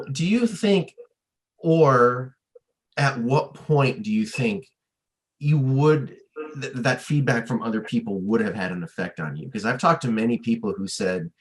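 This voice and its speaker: Halting interview host. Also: mid-range voice, lively intonation. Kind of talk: conversational interview questions.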